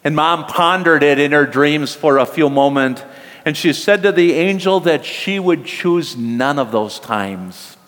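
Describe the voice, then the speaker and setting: A man's voice: on the high side, lively intonation, a little slow, fairly bright tone. A man preaching a sermon, telling a story in an earnest, emotive way with rising emphasis. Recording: long hall reverb.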